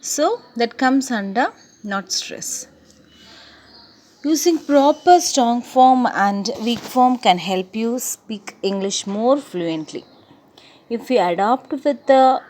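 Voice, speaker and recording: A woman teacher giving a recorded English lesson, speaking deliberately and repeating her key points. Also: on the high side, darkish tone.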